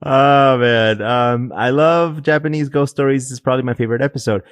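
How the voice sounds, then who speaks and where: Male podcast co-host, mid-pitch, relaxed and jokey, dry studio sound. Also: fairly quick, smooth, no room sound. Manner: easygoing, laughs a lot. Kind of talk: casual chat, reading listener comments.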